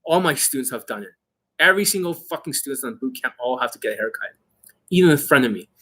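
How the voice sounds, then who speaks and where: A man's voice: medium pitch, animated, quick pace, bright, forceful tone. A man hosting an unscripted coaching Q&A, talking in a blunt, aggressive and profane way. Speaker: dating coach host.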